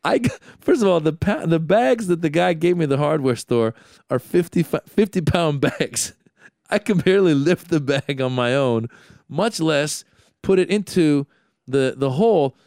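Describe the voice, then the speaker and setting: A man hosting a podcast, telling a story in an animated, self-deprecating way. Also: fairly high pitch, normal speed, no room sound, studio quality. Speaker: podcast host. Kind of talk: casual chat.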